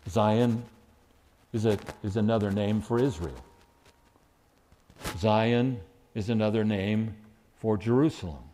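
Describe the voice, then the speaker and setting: A man's voice: fairly low pitch, slow, long pauses, mellow, a little hiss or hum. A man preaching a sermon who acts out quoted lines with sudden rises and dips in his voice.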